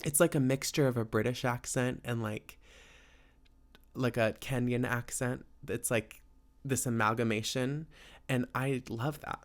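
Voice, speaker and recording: A man's voice: medium pitch, fairly even intonation, measured pace. A man hosting his own podcast, chatting casually in a rambling, laid-back way with lots of fillers, on a home podcast mic. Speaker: podcast host. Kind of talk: casual solo chat.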